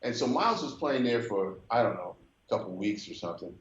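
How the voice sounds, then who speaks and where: An older Brooklyn man, a guest musician, tells a story in conversation and frequently imitates other people's voices. He talks fast in a lowish voice with big swings in pitch. The recording is slightly muffled and roomy, with a bit of background noise.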